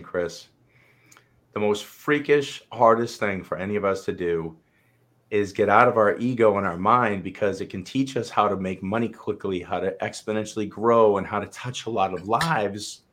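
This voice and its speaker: A man's voice: on the low side, moderate pace, a bit bright. A middle-aged man, a coach and co-host, candidly telling his story in a live conversation and acting out his own inner voice, with casual swearing.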